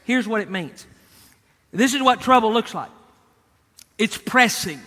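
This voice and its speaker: High, bright-voiced preaching man. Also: animated, unhurried, in a large hall. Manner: emphatic, repeats key words, talks straight to the congregation. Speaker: pastor. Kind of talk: sermon.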